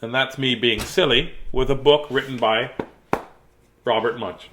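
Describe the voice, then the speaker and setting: A man's voice: medium pitch, steady tone, unhurried, background noise. A man reading children's picture books aloud in a playful, silly way, laughing and chatting between pages. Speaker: children's book reader.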